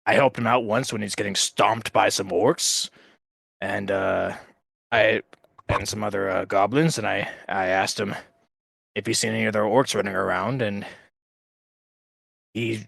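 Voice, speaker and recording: A man playing a halting young orc wanderer. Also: lowish voice, fairly even intonation, gravelly, a bit bright, dry recording, heavily acted. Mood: earnest. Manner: halting, repeats words, plain speech. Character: young male orc wanderer telling his past. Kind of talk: in-character backstory in a tabletop game.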